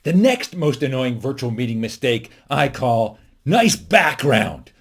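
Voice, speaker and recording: A middle-aged man delivering a wry comedy monologue from his home office, full of quick asides and mocking voices. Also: mid-range voice, big pitch swings, husky.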